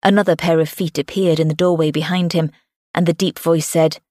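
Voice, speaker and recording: Woman audiobook narrator, very low voice, measured and even, dry close recording. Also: no echo.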